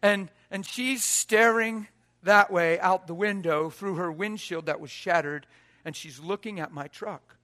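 A man preaching a sermon through a personal story, dropping to hushed quoted lines and rising to loud, near-shouted exhortation. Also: high voice, unhurried.

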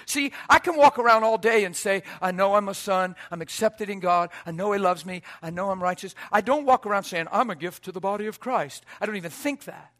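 A man preaching a sermon, telling a personal story with lively acted-out quotes and frequent laughter. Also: sits high, brisk, few pauses. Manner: animated, acts out quotes, laughs often.

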